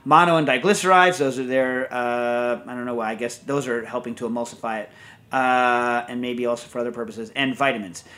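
A man's voice: mid-range voice, steady tone, brisk, a bit bright. A man hosting a casual podcast, wandering from story to story with lots of fillers and restarts. He also reads out a listener's question in the same loose, talky way. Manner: rambling, digressive, many fillers and restarts. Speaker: podcast host. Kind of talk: casual chat.

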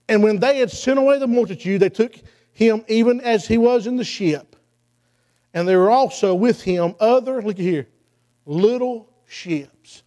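High-pitched preacher, "uh, hey" cadence. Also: male voice. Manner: chanting preacher cadence with frequent "uh, hey" fillers; builds to shouted exhortation. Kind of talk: sermon.

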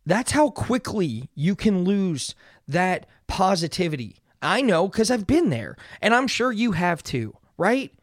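With a high-sitting voice, big pitch swings, and a measured pace, a young man runs a solo motivational podcast, earnest and chatty, often asking "right?" The studio audio is clean, with no echo.

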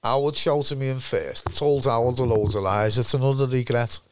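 A man's voice: mid-range voice, fairly even intonation, moderate pace, no echo. A man in his fifties with a Liverpool accent, a former footballer telling rambling, sweary stories in a casual interview. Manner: rambling, swears freely, repeats himself.

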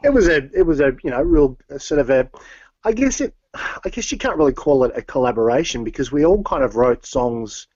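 A man's voice: mid-range voice, animated, brisk, darkish tone, dry recording, muffled recording. A man, a metal musician as interview guest, talking casually and rambling with many fillers and restarts.

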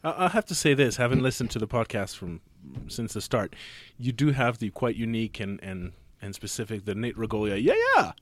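Low-voiced male podcast guest, dry sound. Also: fairly quick, no room sound. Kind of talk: casual chat.

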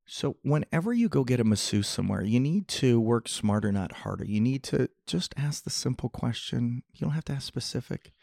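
A man's voice: medium pitch, expressive, fairly quick, creaky, few pauses, dark tone, no echo, studio quality. A middle-aged man hosting a podcast, telling long rambling jokey stories in casual chat. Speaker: podcast host. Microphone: podcast mic, close.

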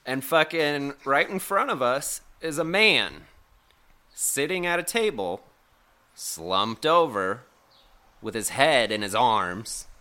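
A man's voice: mid-range voice, slow. A man telling a rambling, profane story in casual podcast chat, acting out the people in it. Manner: profane, animated, acts out quotes.

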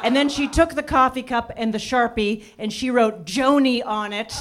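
A woman doing stand-up on a club stage, her voice sitting a touch high. She talks in a chatty, self-mocking way and acts out the voices of people in her story. A live audience laughs loudly behind her. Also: moderate pace, few pauses, crowd noise, background noise. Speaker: stand-up comedian. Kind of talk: stand-up comedy set.

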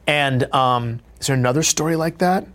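A man's voice: mid-range voice, normal speed. A middle-aged actor giving a reflective interview, telling stories with energy and acting out the people he quotes. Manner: animated storyteller, acts out quotes. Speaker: actor and guest.

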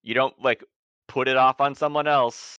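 A man runs a tabletop horror game as game master, his voice bright and forceful with a smooth, crisp edge. He stumbles and repeats words as he improvises, heard close and dry on a slightly dull mic. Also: mid-range voice, steady tone, moderate pace, dry recording.

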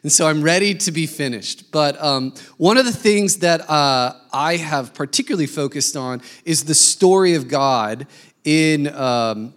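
A man preaching a sermon, telling a lively story and acting out the people in it. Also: on the high side, a little slow. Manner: animated storytelling, acting out quoted voices. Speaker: pastor.

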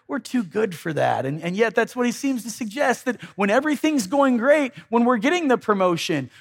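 A man's voice: sits high, vocal fry. A man preaching a sermon in a conversational way, with dry irony and acted-out prayers. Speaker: pastor.

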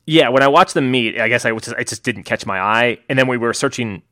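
A man's voice: mid-range voice, quick pace, bright, forceful tone, no echo, studio quality. Rambling, laid-back podcast co-host man. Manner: rambling, many fillers and restarts, easy laughs. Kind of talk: casual podcast chat.

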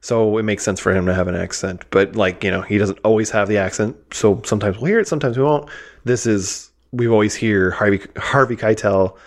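A man with a fairly low voice talks through a film on a podcast. His delivery is casual and rambling, with easy laughs between thoughts. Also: brisk. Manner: chatty, loose, laughs easily. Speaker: podcast co-host. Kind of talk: casual movie discussion.

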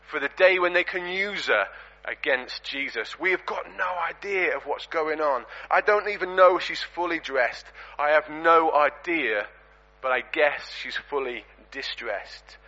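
Man preaching, animated, conversational, bright forceful tone, dull lo-fi recording. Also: a little high. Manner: animated, conversational, rhetorical questions. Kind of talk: storytelling sermon. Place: church.

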